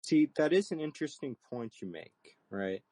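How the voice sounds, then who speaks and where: A young man co-hosting a comedy podcast, deadpan and mock-profound, stuck on stammering repetitions. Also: a little high, normal speed, no room sound. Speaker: podcast co-host.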